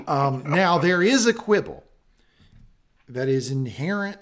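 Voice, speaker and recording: A man hosting a casual podcast recap, talking in an excitable, animated and profane way. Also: medium pitch, moderate pace. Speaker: podcast host. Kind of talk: casual chat, show recap.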